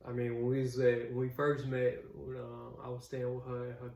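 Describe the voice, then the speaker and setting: A young man co-hosting a casual chat, relaxed and joking in slangy talk. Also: medium pitch, moderate pace, creaky, distant mic. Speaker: co-host, husband. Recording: roomy echo, faint noise.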